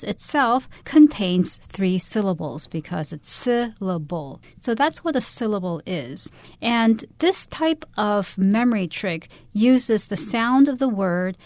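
A woman co-hosting a radio English lesson, breaking down words step by step in a clear, methodical way. Her voice has a middle pitch, and the studio sound is close and dry. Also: no echo. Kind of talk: explaining vocabulary and grammar.

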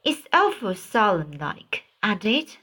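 A woman's voice: mid-range voice, sing-song, takes it slowly, pushed and bright, a little hiss or hum, exaggerated voice. A woman voicing a superstitious country boy who whispers fearfully, reading a storybook aloud. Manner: folksy, frightened whisper.

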